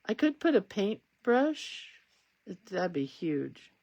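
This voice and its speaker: A woman's voice: medium pitch, big pitch swings, slow, darkish tone. A woman hosting a casual crafting stream, chatting in a rambling way and reading out viewer comments as she works. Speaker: craft livestream host. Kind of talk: casual chat while crafting.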